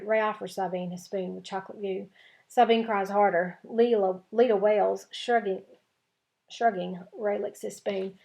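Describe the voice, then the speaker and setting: A woman teacher reading a chapter book aloud to her class, with clear, expressive storytelling. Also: mid-range voice, moderate pace.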